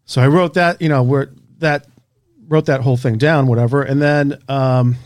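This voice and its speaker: Guy telling a story in an interview, animated, swears a bit, mid pitch, dry close sound. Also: normal speed, dry recording. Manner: animated anecdotal, swears casually. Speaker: author and researcher.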